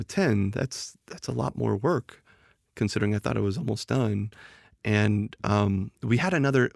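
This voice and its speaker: Low, gravelly man telling a story. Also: dry recording, studio quality. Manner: animated storyteller who acts out quoted dialogue; often restarts and repeats words. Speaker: guest, game designer. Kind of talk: casual podcast chat.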